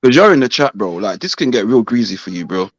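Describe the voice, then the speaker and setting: A man's voice: medium pitch, very animated, fast, lo-fi sound, a crowd in the background. A man on an online panel, taunting and trash-talking in heavy slang. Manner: British slang, brash and taunting.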